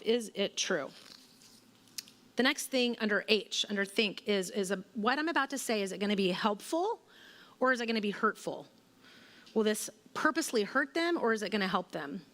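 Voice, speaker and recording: A woman's voice: mid-range voice, fairly bright tone. Conversational woman speaking in a reverberant hall. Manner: conversational, relatable, with personal anecdotes and fillers. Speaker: women's ministry speaker. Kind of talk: church teaching talk. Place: church hall.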